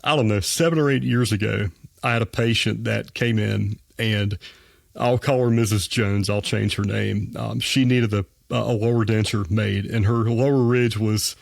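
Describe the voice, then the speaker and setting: A man's voice: fairly low pitch, steady tone, moderate pace, creaky, no echo, clean studio sound. A man, a dentist telling a personal story as a guest on a podcast, folksy and earnest. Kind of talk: personal anecdote in a podcast interview.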